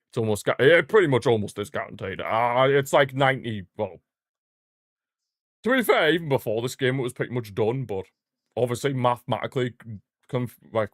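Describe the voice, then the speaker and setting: A man's voice: medium pitch, dry recording. Dry-miked man doing fan commentary. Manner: partisan, blunt, mocking the rival team. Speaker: football watchalong streamer. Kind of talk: casual live fan commentary.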